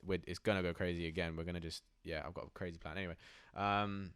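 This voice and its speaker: A man's voice: deep voice, fairly even intonation, fast talker, fairly bright tone, clear, resonant tone, dry recording. A young man with a posh London accent, chatting loosely in an interview, full of slang, swearing and fillers. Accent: posh London English. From England. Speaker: rapper and guest. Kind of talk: casual interview chat.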